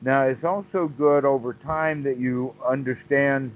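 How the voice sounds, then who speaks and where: Male meditation teacher, mid pitch, unhurried explainer, lo-fi call audio. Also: steady tone. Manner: slow, explanatory, repeats phrases. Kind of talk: dharma talk on a call.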